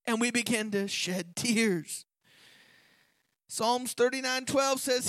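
A preacher delivering an impassioned sermon, building to shouts, then reading scripture lower and quieter. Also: slow pace, long pauses, dry recording. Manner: impassioned, rising to shouts on key points.

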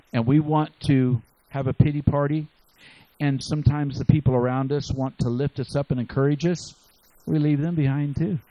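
A man preaching a sermon, swinging from loud bursts to quiet asides and stumbling over repeated words as he goes. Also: no echo, lo-fi sound. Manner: animated, swinging from shouts to low asides; repeats and restarts words, chuckles. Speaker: pastor.

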